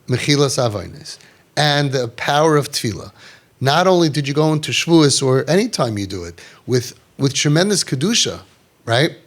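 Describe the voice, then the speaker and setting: A man's voice: mid-range voice, vocal fry. A man, speaking to parents with passion and acting out their voices as he tells stories, his talk full of Hebrew and Yiddish words. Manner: animated, acts out quoted parents and kids in raised voices; sprinkles Hebrew and Yiddish religious terms. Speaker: parenting podcast host giving guidance.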